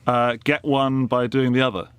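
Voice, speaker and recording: A man's voice: medium pitch, level tone, normal speed, clear, resonant tone, dry recording. A British man hosting a casual interview, teasing his guest with dry, wry humor. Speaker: host.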